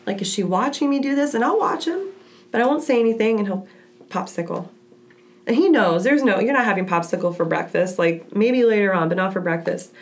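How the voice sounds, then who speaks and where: A woman in her thirties talks in a relaxed, casual way about raising a toddler. She tells stories in an animated way and acts out the voices. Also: mid-range voice, quick pace. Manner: animated storyteller acting out her kid. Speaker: podcast co-host, mother of a toddler. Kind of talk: casual chat.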